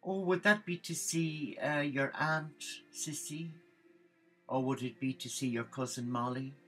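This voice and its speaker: A man's voice: mid-range voice, fairly even intonation, unhurried, faint music behind. A man doing a blustering, hot-tempered priest. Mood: cheery. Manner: loud, indignant, blustering.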